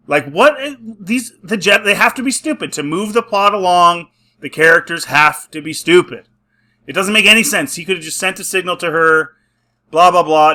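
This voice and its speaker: A man talks through an episode review in a casual, off-the-cuff way. His voice is bright and forceful and sits a little high for a man. He is openly sarcastic and keeps sounding exasperated. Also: fairly quick. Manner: sarcastic and exasperated, laughing at scenes. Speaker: film and TV reviewer.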